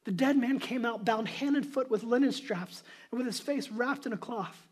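High-voiced male pastor preaching. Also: normal speed. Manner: conversational storytelling building to loud, emphatic preaching. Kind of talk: sermon.

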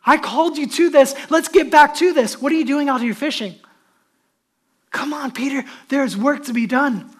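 A man's voice: extremely high pitch, moderate pace. A kind, earnest man urges a friend to come back to work, coaxing and patient, as a pastor gives him voice in a sermon. The voice stays plain and close to everyday speech. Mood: urging.

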